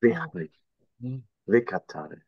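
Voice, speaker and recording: Slow low-voiced man answering haltingly. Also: very animated, highs cut off, a crowd in the background. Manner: hesitant short answers and backchannels. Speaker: student. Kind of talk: answering in an online class. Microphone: video call.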